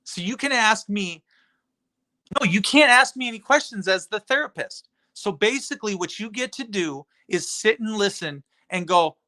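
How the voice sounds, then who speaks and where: A man's voice: sits high, expressive, normal speed, pushed and bright. A man streaming on his own channel, ranting sarcastically and profanely at someone in his chat. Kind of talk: rambling rant at a chat member.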